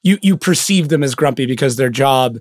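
Here is a man with a mid-range voice, recorded close and dry. He hosts the chat in a relaxed, joking way and chuckles often. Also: mid-range voice, a little fast, dry recording. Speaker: podcast host. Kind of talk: casual interview chat.

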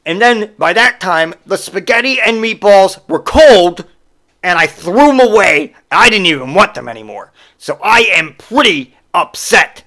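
A man's voice: high voice, big pitch swings, measured pace, bright, forceful tone, pitched above the performer's own voice, heavily acted. A man putting on a whiny, indignant customer. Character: huffy, clueless male customer with a broken phone.

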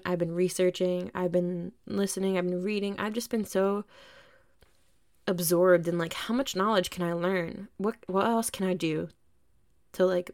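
A woman's voice: lowish voice, darkish tone. A young woman hosting a podcast, telling a story in a casual, chatty way, full of "like" and mild swearing. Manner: chatty, swears freely, lots of "like". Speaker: podcast host.

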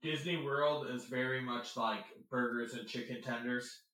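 A man co-hosting a podcast, telling stories in a casual, animated way and laughing often. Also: mid-range voice, unhurried, heavy reverb, recorded from a distance, rough recording. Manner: animated, laughs often, acts out quoted voices. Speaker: podcast co-host. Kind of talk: casual storytelling chat.

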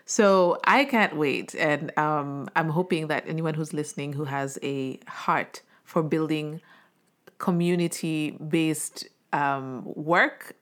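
A woman hosting a podcast chats casually with her guest, encouraging them with affirmations in a loose, filler-heavy manner. Her voice sits low and she talks slowly.

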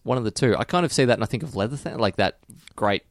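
An Australian man co-hosting a casual podcast, telling jokes with big swings of pitch. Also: expressive, quick pace, no echo, clean studio sound. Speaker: podcast co-host.

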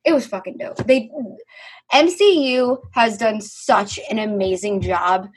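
A young woman, a podcast guest, telling stories in a lively, animated way, acting out quotes and swearing casually. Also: medium pitch, unhurried, a little hiss or hum. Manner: animated storyteller, acts out quotes, swears freely. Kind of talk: casual conversation.

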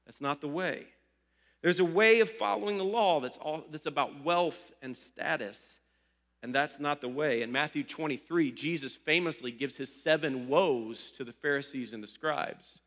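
Preaching in a chatty, story-filled way with humorous asides, this young Ohio pastor has a fairly high-pitched, fairly bright voice. He keeps a moderate pace, and the recording carries a long hall reverb.

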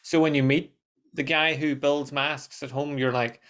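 A man hosting a casual podcast conversation, animated and swearing freely. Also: fairly high pitch. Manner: animated, swears, quick asides.

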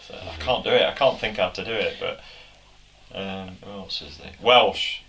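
An English man in casual chat with friends, jokey and quick to laugh. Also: low voice, a bit bright, slight background noise, low-quality recording. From England. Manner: jokey, breaks into laughter and mock accents.

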